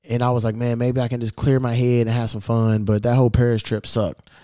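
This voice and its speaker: Podcast host, male, casual and profane storyteller, mellow dark voice, dry close sound. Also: medium pitch, brisk, dry recording. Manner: profane, rambling, animated when retelling.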